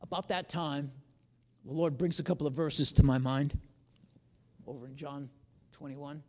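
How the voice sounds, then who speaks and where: A man's voice: a little high, flat delivery, normal speed, mellow, long reverb tail. A man preaching a sermon, telling a personal story with humor and turning to an earnest appeal.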